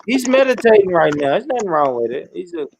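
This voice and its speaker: A man hosting a casual online panel chat, animated and slangy, often repeating himself. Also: sits high, a little fast, gravelly, noisy background. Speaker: panel host.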